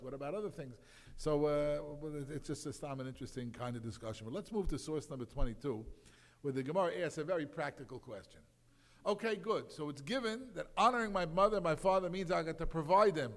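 A man teaching a Torah class, lively and full of fillers, acting out the voices he quotes. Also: medium pitch. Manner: animated, acts out quoted voices, many fillers. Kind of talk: Torah lecture. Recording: long hall reverb.

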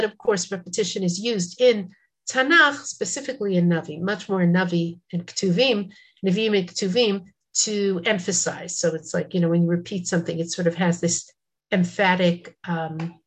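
Lady teaching a bible class, reads lines then explains, chatty asides, middle pitch. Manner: reads Hebrew verses then translates, conversational asides. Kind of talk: text study lesson.

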